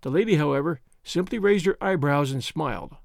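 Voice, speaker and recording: A man narrating a classic story in a measured, expressive storytelling manner. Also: fairly high pitch, creaky, no room sound, studio quality. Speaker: audiobook narrator.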